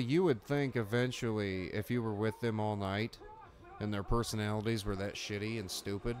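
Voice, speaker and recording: A man with a lowish voice riffs through a horror film in loose, casual commentary. He swears freely and mocks the characters, often slipping into jokey voices mid-sentence. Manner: profane, mocking, jumps into joking character voices. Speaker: co-host of a horror movie commentary. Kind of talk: casual crude movie commentary.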